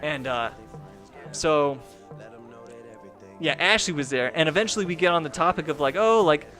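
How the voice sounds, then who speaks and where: A man's voice: fairly high pitch, moderate pace, sharp tone, faint music behind. Rambling young man telling a story. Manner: rambling, heavy on filler words and profanity. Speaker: gaming streamer and video host. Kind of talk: casual storytelling.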